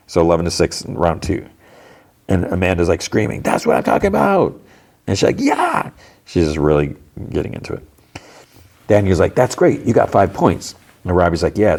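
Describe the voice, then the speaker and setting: A man with a very low voice runs through a show's fight scene beat by beat in a relaxed podcast recap. He talks loosely, full of fillers, and often stops to correct himself. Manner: loose, filler-heavy retelling with quick self-corrections. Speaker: podcast host. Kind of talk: casual play-by-play episode recap.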